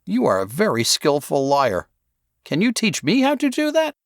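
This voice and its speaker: A man's voice: fairly high pitch, huge pitch swings, moderate pace, dry recording, voice pushed up. An earnest young man with a dry, wry humor, as the male narrator voices him, his voice pushed up and swinging widely. It sounds close and dry, like a studio read.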